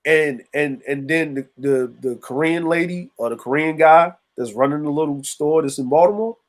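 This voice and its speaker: A podcast co-host with a slightly high voice chats casually at a moderate pace, telling stories and acting out the voices of the people he describes.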